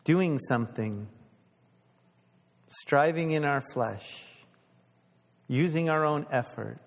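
A man's voice: fairly high pitch, slow pace, gravelly, in a large hall. A male pastor preaching a sermon in a conversational way, asking the congregation questions.

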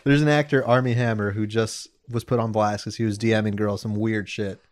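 A man's voice: fairly low pitch, little pitch movement, fairly quick, dry recording, studio quality. A young man co-hosting a podcast, telling stories in a laid-back way and laughing often. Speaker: podcast co-host. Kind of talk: casual chat.

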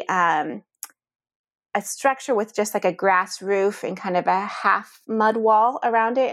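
A woman guest in a conversation, telling a personal story in an animated way, full of restarts and "like". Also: medium pitch, vocal fry, no room sound, studio quality. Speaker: interview guest.

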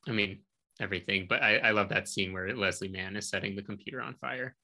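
A man with a bright, forceful tone talks casually with friends about a movie. He is chatty and quick to laugh, and he retells scenes as he goes. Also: fairly low pitch.

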